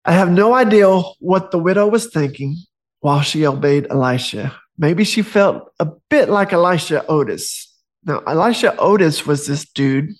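Man, casual faith talk, book reading, slightly high voice, rambling, joking asides. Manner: conversational, digressive, joking asides. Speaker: Christian author and speaker.

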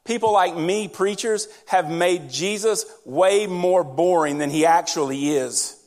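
Man, pastor, high voice, conversational sermon, church service. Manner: conversational preaching, direct address to congregation. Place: church sanctuary during service.

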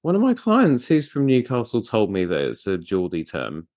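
A man hosting a podcast interview, chatty and self-deprecating with quick asides. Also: medium pitch, wildly swooping pitch, a little mellow, dry recording. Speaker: podcast host. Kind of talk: casual interview chat.

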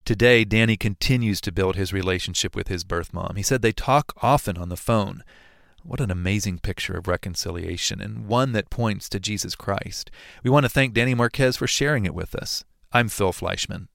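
Guy reading the podcast script, low and gravelly, dry recording. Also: moderate pace, a bit bright, no echo. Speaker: podcast co-host.

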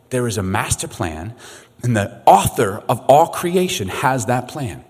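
A middle-aged male pastor preaching in a chatty, animated way, his pitch leaping around as he acts out little voices. His tone is a touch husky. The sound carries a long reverb from a large hall. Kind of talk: sermon. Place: church sanctuary.

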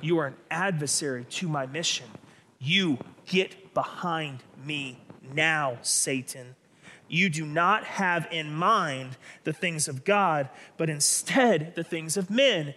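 A man preaching voices a stern male teacher with slow, firm, emphatic pronouncements. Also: fairly high pitch, bright, forceful tone, long reverb tail, slight background noise. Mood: resolute.

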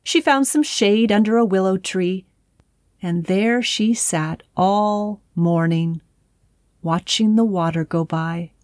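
A woman narrating a children's storybook in a gentle, unhurried way. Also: medium pitch, dry recording, clean studio sound.

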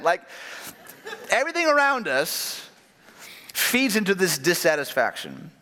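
A man in his thirties delivers a sermon in an easygoing, talkative way, tossing questions and asides to his listeners. His voice sits a little high for a man. The sound carries a long, ringing reverb from a large hall. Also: lively intonation, moderate pace, pushed and bright, smooth. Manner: conversational preaching with asides and questions to the congregation. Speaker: pastor.

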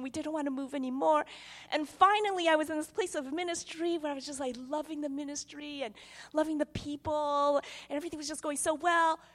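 A middle-aged woman pastor giving a testimony sermon, telling her story in an animated way and acting out the voices in it. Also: sits high. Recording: long hall reverb.

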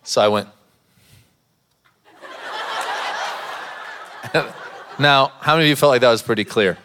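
A man's voice: medium pitch, racing, sharp tone, a little hiss or hum. A man, a pastor, preaching a sermon in a church, mixing scripture with a humorous personal story and laughing often.

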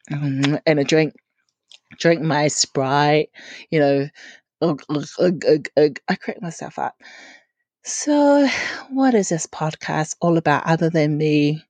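A woman's voice: deep voice, darkish tone, dry recording. A woman, hosting her own podcast in a chatty, giggly, rambling way. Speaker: podcast host. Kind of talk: casual solo podcast chat.

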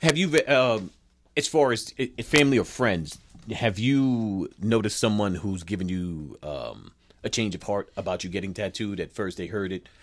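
A man's voice: fairly low pitch, animated, moderate pace. A man hosting a podcast, asking long winding questions and acknowledging answers often. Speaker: podcast host. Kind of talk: interviewing guests.

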